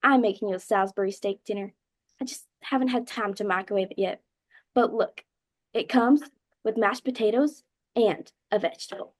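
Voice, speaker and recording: A woman's voice: mid-range voice, normal speed, close to an everyday voice. A young woman putting on a Southern accent as an overeager foster mother. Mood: eager. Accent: Southern US (put on). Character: flustered Southern foster mom, middle-aged.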